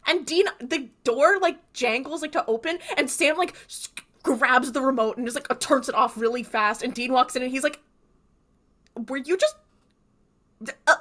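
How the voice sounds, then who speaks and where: A woman chats through a recap on her podcast, telling the scenes as a story and acting out the lines. Her voice is bright and sits a little high. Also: moderate pace. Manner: chatty storyteller, acts out quotes. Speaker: podcast co-host. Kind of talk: casual recap chat.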